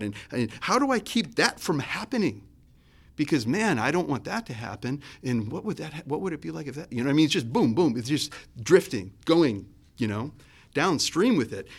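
In a searching, conversational manner, a male pastor delivers a sermon, frequently starting sentences over. His delivery has lively shifts in both pitch and volume.

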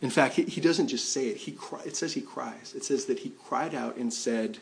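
A man's voice: medium pitch, lively intonation, moderate pace, creaky, hardly any pauses, darkish tone. Conversational male pastor preaching. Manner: conversational, with fillers and restarts, acting out quotes. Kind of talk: sermon.

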